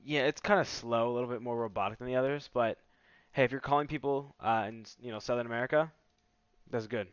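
A man hosts a relaxed, upbeat product demo with a salesy edge. His voice is smooth and resonant. The recording is dry and slightly muffled. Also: mid-range voice, quick pace, dry recording. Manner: casual, enthusiastic salesy delivery. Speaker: tech vlogger host. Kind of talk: casual product demo commentary.

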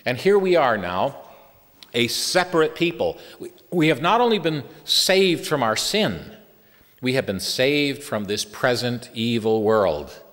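A middle-aged man preaching a sermon as a Bible teacher, earnest and slowing down to stretch key words for emphasis. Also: medium pitch, very animated, a bit bright. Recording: long hall reverb.

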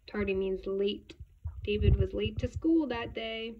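A woman reading a children's picture book aloud, animated and stopping to ask young listeners questions. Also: medium pitch, measured pace, distant mic, a little hiss or hum. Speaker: storybook reader for children. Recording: dull lo-fi recording.

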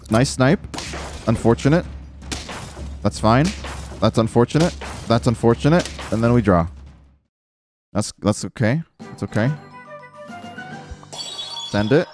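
A man's voice: mid-range voice, darkish tone. Self-mocking gaming streamer, man. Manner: self-mocking, talks to himself while playing; swears casually, says dude a lot. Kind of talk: casual gameplay commentary.

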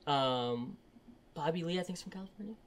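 A man's voice: expressive, moderate pace. Young man ranting on a podcast. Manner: swears constantly, rants and gets loud and high when heated. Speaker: podcast host. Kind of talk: casual podcast chat.

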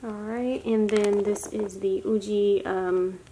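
A young woman chatting casually while unboxing a haul, gushing and excitable, often gasping and laughing. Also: mid-range voice, slow, a little hiss or hum. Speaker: vlogger.

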